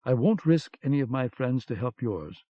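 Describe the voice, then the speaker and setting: A man's voice: mid-range voice, lively intonation, moderate pace, dry recording, lightly acted. A man reading an audiobook, voicing a cold, curt female spy with a frosty manner, on a dull lo-fi cassette recording. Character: cold, veiled female resistance agent, icy and curt.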